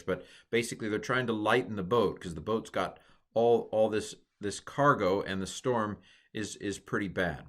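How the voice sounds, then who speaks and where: A man teaching a recorded language lesson, patiently quizzing the learner and pausing for answers. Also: mid-range voice, fairly bright tone.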